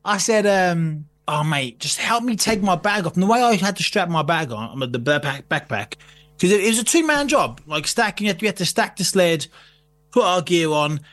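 This is a man in casual conversation, running through a story with plenty of swearing and frequent laughter. His voice sits high for a man. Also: moderate pace. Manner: animated, swearing, laughing often.

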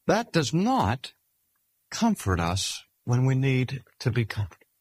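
An older man preaching a sermon in a measured, emphatic way, slowing down to stress key phrases. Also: medium pitch, wildly swooping pitch, slightly rough, no echo, studio quality. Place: speaking at a cancer hospital.

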